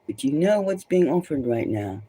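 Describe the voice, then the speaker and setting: This tarot reader's voice sits in the mid range, husky and mellow, with large pitch swings at a normal speed. Rambling and emphatic, the commentary stays loose and chatty, with phrases repeated for emphasis and frequent restarts.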